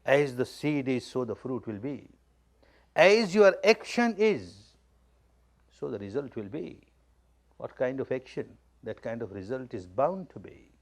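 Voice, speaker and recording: A man speaks as a spiritual teacher, with a voice of ordinary middle pitch. He drives each point home by repeating the key phrases, in a plain and emphatic way. He tells simple illustrative stories as part of the discourse. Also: expressive, a little slow. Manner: repetitive, emphatic, plain-spoken storytelling. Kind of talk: spoken discourse.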